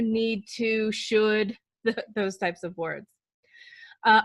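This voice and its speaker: A woman's voice: mid-range voice, no room sound. A woman coaching parents on how to talk to their children, earnest and encouraging, sometimes acting out sample phrases. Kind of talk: instructional talk.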